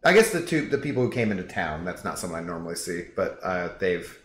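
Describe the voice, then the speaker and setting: Young guy streaming, kinda low voice, rambly and chill, roomy echo, some music under it. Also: big pitch swings, fast, slight background noise. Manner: laid-back, rambling, reads chat aloud. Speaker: game streamer. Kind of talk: casual livestream chat. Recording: echoey room with background music.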